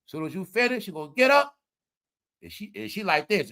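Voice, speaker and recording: A man hosting a live commentary stream, talking straight to his viewers in an animated, preachy way. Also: sits high, fairly quick. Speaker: commentary livestream host.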